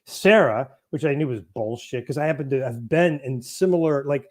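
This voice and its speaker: A man's voice: medium pitch, lively intonation, normal speed. A middle-aged man being interviewed in a casual conversation, rambling and breaking off his own sentences as he speaks bluntly. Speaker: guest.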